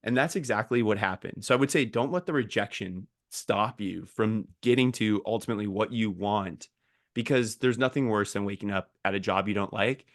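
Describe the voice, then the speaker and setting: A man's voice: fairly low pitch, moderate pace, no echo, studio quality. A man co-hosting a podcast in casual chat, telling his story in an earnest, motivational way. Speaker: podcast co-host, sales engineer.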